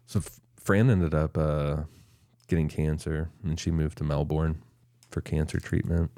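A man co-hosting a casual podcast chat, relaxed and matter-of-fact. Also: rumbling low, measured pace, no room sound, studio quality. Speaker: podcast co-host.

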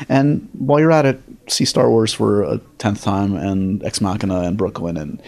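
A man's voice: on the low side, normal speed, creaky, darkish tone. A man hosting a podcast, talking in a casual, chatty way with many fillers and restarts. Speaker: podcast host. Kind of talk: casual chat.

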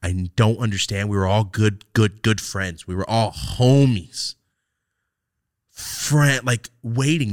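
A man hosting a podcast, telling a story in casual chat, animated and profane with loud outbursts. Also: lowish voice, slow pace, no room sound, clean studio sound. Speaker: podcast host.

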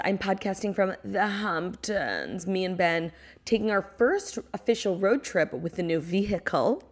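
A young woman co-hosting a podcast remotely from a rented cottage, chatting casually, swearing freely and talking in quick bursts full of "like". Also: fairly low pitch. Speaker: podcast co-host. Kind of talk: casual chat. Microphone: remote audio-only recording.

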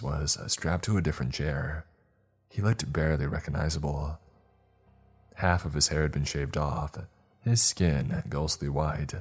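A man narrating a horror story in a slow, grim, measured reading. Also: rumbling low, darkish tone, breathy edge.

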